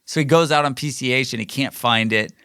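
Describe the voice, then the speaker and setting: Bright-voiced man telling a story. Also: mid-range voice, fairly quick, clean tone, no room sound, studio quality. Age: middle-aged. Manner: rambling, animated, many fillers and restarts. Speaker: podcast host. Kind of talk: casual storytelling monologue.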